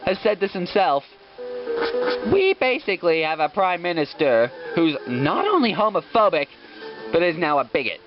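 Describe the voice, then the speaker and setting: Young male let's player, higher voice, ranting and swearing over a muffled recording with game music playing behind. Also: big pitch swings, moderate pace. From Australia. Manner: fired-up ranting, swears, rambling fillers. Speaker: let's play host. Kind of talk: casual gameplay commentary. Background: video game music.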